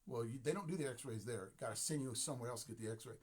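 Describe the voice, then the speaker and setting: A man's voice: mid-range voice, quick pace, hardly any pauses, darkish tone, husky. A man in his sixties hosting a casual live stream who rambles, talks emphatically and repeats himself. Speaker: host.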